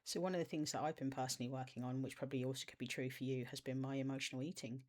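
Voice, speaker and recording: A coach of inner child healing talking to camera in a soft, nurturing and encouraging way, with chatty informal asides. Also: mid-range voice, level tone, racing. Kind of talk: self-help video talk to camera.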